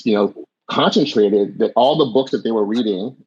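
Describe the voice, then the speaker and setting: Husky low-voiced man telling his story. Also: moderate pace, a little mellow. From born in the US, raised in Jamaica. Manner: reflective, rambling with many restarts and fillers. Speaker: podcast guest. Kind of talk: candid storytelling in a conversation. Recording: dull lo-fi audio.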